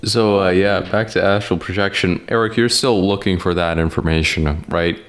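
Low-voiced guy hosting a podcast, lots of uhs, swears casually, just rambling. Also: fairly even intonation, moderate pace, a bit bright. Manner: rambling, hesitant with many fillers, swears casually. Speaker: podcast host. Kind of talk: casual chat.

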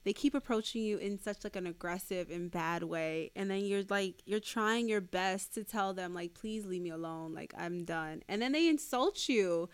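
A woman's voice: mid-range voice, moderate pace, few pauses, clear, resonant tone, no echo. A young woman co-hosting a podcast, telling stories in giggly casual chat. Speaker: podcast co-host.

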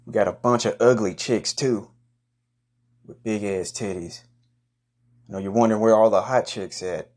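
A man hosting a comedy podcast, giving a crude, boastful hype monologue full of rowdy trash talk and loud whoops. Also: fairly low pitch, moderate pace, long pauses.

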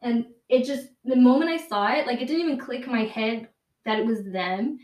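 A woman's voice: fairly high pitch, normal speed, a little mellow, recorded from a distance. A young woman casually telling a story, rambling and profane, full of fillers and self-corrections. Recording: echoey room, voice off-mic.

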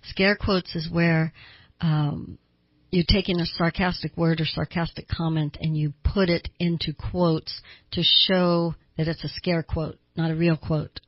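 A woman's voice: sits low, level tone, unhurried, no room sound, highs cut off. An older woman hosting a therapy advice talk show, speaking earnestly and asking listeners direct questions. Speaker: radio therapist host.

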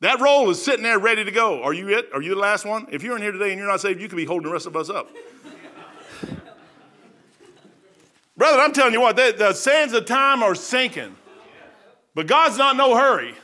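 A man preaching a sermon in a folksy, conversational way, swinging between loud outbursts and hushed asides. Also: high-pitched, lively intonation, brisk, pauses often.

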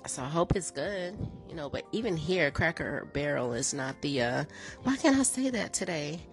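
A woman's voice: sits low, animated, normal speed, soft background music. A woman, chatting to her viewers and telling stories with laughs. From American South. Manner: chatty storytelling with laughs, acts out quotes. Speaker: vlogger. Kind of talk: casual chat to viewers.

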